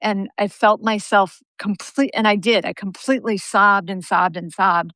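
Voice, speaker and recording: Animated storytelling woman, dry sound. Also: mid-range voice, moderate pace, no echo. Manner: animated storytelling, laughs easily. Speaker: guest yoga teacher. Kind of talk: casual chat on a live video call. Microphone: video call.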